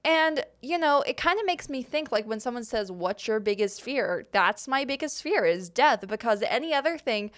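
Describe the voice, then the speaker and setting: Chatty young woman with a smooth voice. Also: on the high side, animated, moderate pace, hardly any pauses, fairly bright tone. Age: young adult. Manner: chatty, rambling, many fillers and giggles. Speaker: podcast host. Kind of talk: casual Q&A chat.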